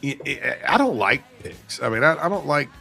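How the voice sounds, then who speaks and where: A man hosting a sports talk show, chatting casually and joking with quick asides. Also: medium pitch, expressive, vocal fry, sharp tone, faint music behind.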